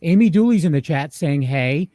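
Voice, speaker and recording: A man with a Massachusetts accent hosting a live horror podcast, chatting casually with friendly, halting speech. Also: fairly high pitch, animated, darkish tone, no room sound, studio quality. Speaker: podcast host. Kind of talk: casual live show chat.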